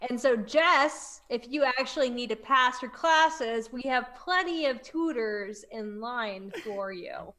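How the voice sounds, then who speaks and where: Lady doing a pushy coach, kinda high voice, blunt pep talk. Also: slow pace, few pauses, pushed and bright. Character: gruff pushy sports coach. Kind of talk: tabletop role-play.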